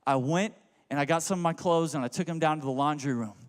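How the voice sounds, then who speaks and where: A young man from Houston preaching a sermon, telling a joking, animated story that swings between loud bits and low asides. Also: fast talker. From Houston, Texas. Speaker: pastor. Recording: long reverb of a large hall.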